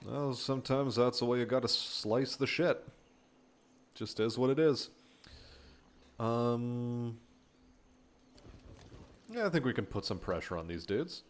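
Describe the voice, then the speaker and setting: A laid-back man talks through a strategy game while streaming. His voice sits at an ordinary middle pitch. He mutters and swears casually as he plays. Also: lively intonation, measured pace, long pauses, slight background noise. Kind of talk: casual gameplay commentary.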